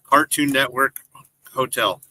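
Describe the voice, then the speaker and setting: A man's voice: mid-range voice, measured pace, pushed and bright, a little hiss or hum, poor audio. A man on a casual panel chat who makes dry, wisecracking remarks. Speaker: panel member.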